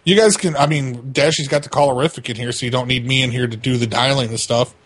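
A man casually telling a profane, animated story about a bug to his co-hosts. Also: medium pitch, quick pace, breathy edge. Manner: swears constantly, animated storytelling. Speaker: co-host of a prank call show.

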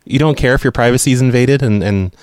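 A man with a dry, close sound plays a straight-faced prankster. He keeps pushing absurd terms with stubborn, deadpan calm. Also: mid-range voice, quick pace, smooth, no echo. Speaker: prank caller host. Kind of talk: prank phone call.

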